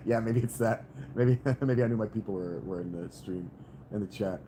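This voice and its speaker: A man streaming a strategy game, talking to himself in rambling, jokey commentary with sudden squeaky jumps and a hammed-up hick drawl. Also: moderate pace, noisy background. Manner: playfully hamming a hick drawl. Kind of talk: casual live-stream commentary.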